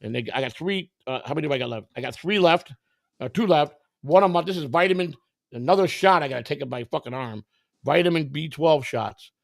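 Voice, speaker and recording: A man hosting a casual stream tells his stories in a blunt, profane, emphatic way, acting out other people's lines as he goes. His voice is gravelly and sits somewhat high, and it is recorded dry and close. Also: animated, brisk, no room sound. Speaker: livestream host. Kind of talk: casual storytelling chat.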